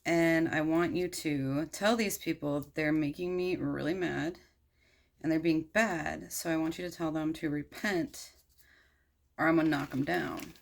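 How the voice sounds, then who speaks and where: A woman's voice: sits low, fairly even intonation, measured pace, creaky. A woman casually retelling a story while crafting at home, irreverent and slangy, swearing freely and wandering into asides.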